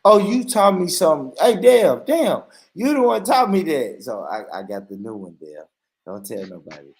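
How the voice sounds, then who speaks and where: Lively, laughing man hosting a livestream. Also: fairly high pitch, normal speed. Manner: animated, laughs often, tries out phrases. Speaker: livestream host. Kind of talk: casual livestream chat.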